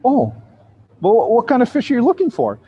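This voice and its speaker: A man voicing a kindly tour guide in a ghost story, gentle and coaxing, on a dull lo-fi recording. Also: very high voice, huge pitch swings, normal speed, husky, voice pushed up, heavily acted. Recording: dull lo-fi sound.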